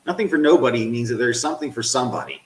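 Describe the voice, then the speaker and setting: A man streaming a game, swearing at it and swinging from low grumbling to loud yelling while he talks to his chat. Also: big pitch swings, rapid-fire, roomy sound, rough recording. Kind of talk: live game stream commentary.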